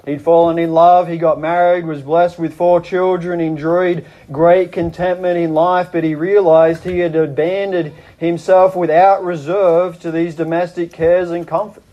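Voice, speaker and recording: Muffled pastor telling a sermon story. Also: male voice, flat delivery, a little slow, hardly any pauses, mellow. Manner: earnest, dramatic retelling, voice dropping low and rising in quoted prayers.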